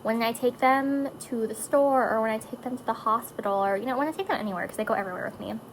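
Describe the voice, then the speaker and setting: A talkative woman in her thirties chats at home about her kids while doing her makeup. Her voice sits a touch high, and she wanders between topics with plenty of likes and ums. Steady background noise runs under the recording. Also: quick pace, low-quality recording. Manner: chatty and emotional, drifting between topics with frequent likes and fillers. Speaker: vlogger and mother of four.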